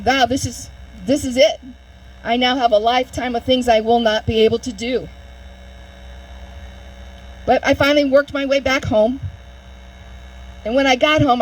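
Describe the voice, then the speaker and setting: Poor audio captures a woman with a voice on the high side sharing her personal testimony at an outdoor demonstration. She tells the story with vivid detail and imitates heart monitor beeps along the way.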